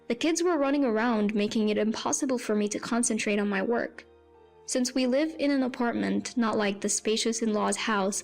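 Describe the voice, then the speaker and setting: A woman's voice: on the high side, vocal fry. Woman narrating a story over faint music. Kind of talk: first-person scripted story narration.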